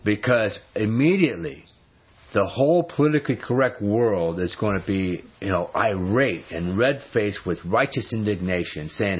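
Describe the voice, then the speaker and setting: A man's voice: fairly low pitch, normal speed, breathy edge, lo-fi sound. A man teaching from the Bible in a conversational sermon, emphatic and full of rhetorical questions. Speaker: preacher.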